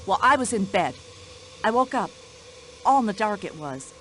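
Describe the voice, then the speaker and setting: An actress voicing a brash, nosy older American widow in a video game, speaking in an indignant, chatty American accent. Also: female voice, medium pitch, big pitch swings, normal speed, fairly bright tone, slight background noise.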